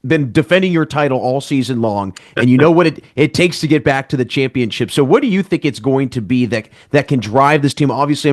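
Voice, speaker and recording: A man works as a sports interviewer, asking long, winding questions with the odd "uh". His voice has a middle pitch and is recorded dry and close. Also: no room sound. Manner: long, wordy questions with some "uh".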